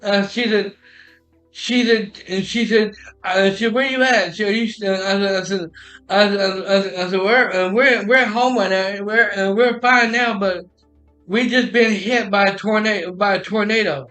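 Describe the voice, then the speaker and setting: A man's voice: sits high, steady tone, normal speed, bright, forceful tone, soft background music. A man telling a personal story in a casual, rambling way, often restarting and repeating "I said.".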